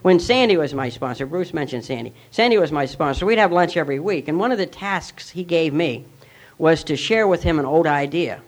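A man's voice: a little high, animated, fairly quick. A man sharing a personal recovery story with a candid, self-mocking manner. He rambles, using many fillers and restarts.

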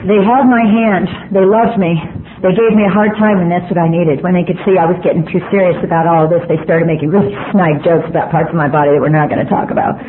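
A woman's voice: lowish voice, steady tone, fast. A woman speaks to a meeting room about her own recovery, blunt and emphatic, dropping the odd curse and poking fun at herself. The recording is thin and tinny, like it came over a phone line, with a faint hiss running under it. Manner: self-mocking humor. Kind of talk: personal recovery talk. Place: meeting room before an audience.

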